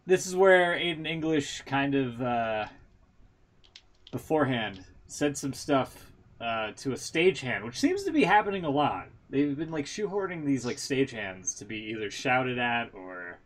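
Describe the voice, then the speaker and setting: A man's voice: mid-range voice, sing-song, measured pace. A man co-hosting a podcast in casual chat, rambling through results with jokes and laughs at his own bits. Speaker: podcast co-host.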